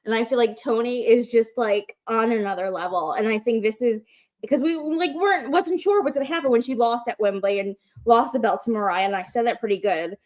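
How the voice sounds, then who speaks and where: Chatty excited woman co-host. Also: on the high side, brisk. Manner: excited and chatty, many fillers, swears. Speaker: co-host of a wrestling call-in show. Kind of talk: casual chat. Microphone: livestream microphone.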